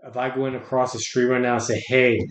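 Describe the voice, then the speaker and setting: A man's voice: medium pitch, level tone, quick pace. Earnest man, roomy echo. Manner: earnest and reflective, often restarting words. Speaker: podcast guest. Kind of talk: casual conversation.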